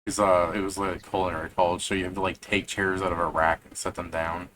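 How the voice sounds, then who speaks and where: A man's voice: low-pitched, little pitch movement, fast, background noise. Man telling rambling anecdotes. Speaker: tabletop game player. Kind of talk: casual post-game chat.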